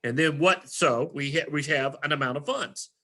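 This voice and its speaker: School principal, man, earnest and self-correcting, brightish, slightly high voice. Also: normal speed. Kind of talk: recorded presentation to parents.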